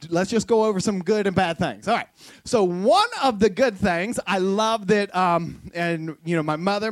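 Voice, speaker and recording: A man's voice: high voice, no room sound. A man preaching a sermon as pastor, in a loose conversational way full of jokes and family stories. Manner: conversational, joking storyteller. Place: church.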